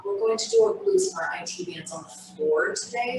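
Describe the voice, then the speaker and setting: A woman instructor guiding a stretching class over a video call, with soothing, breathy cues and sighs. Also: a little high, huge pitch swings, a little fast, hardly any pauses, a little mellow, recorded from a distance, slight background noise. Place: home room on a video call. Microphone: laptop mic on a video call. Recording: echoey room, off-mic, music behind. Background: background music.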